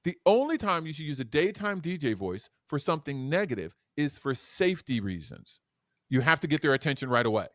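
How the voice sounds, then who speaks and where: A man who is a guest educator and speaker on a podcast interview, talking in an animated, demonstrative way that swings between loud and soft. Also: fairly high pitch, brisk, no room sound, clean studio sound.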